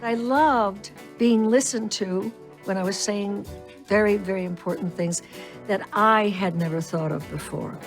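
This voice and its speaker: An older woman telling stories from her life in a measured way during an interview. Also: mid-range voice. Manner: measured storytelling. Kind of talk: reflective interview. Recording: music bed behind voice.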